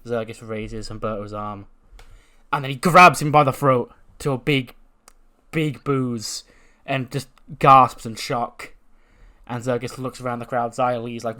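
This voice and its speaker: A relaxed man talks through his wrestling simulator run in casual commentary, mixing recaps with swearing and amused asides. His voice sits in a typical middle pitch. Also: unhurried. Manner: laid-back, swears, laughs at results. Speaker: gaming channel host.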